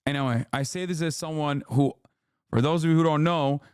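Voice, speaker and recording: A man rants through his livestream commentary in a high, tense voice, swearing constantly and sounding exasperated. The sound is dry and close, with no room around it. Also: brisk, clear, resonant tone, no echo. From Muslim-majority country. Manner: profane, ranting, exasperated. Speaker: streamer reacting to a video.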